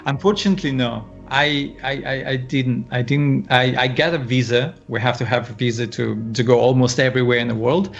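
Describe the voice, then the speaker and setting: A Russian-accented man on a video call, talking with a gravelly crackle in his voice and stumbling over his words as he repeats himself. Soft music plays faintly behind him. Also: mid-range voice, fairly even intonation, brisk, few pauses, muffled recording. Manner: hesitant, repeats words, laughs often. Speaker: guest. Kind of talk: casual live-stream chat.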